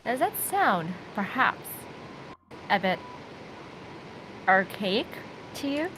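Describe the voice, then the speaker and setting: A woman doing a calm, teasing mansion maid. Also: mid-range voice, slow, noisy background. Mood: composed. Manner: calm, polite, faintly teasing. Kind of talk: amateur voiced game read-through.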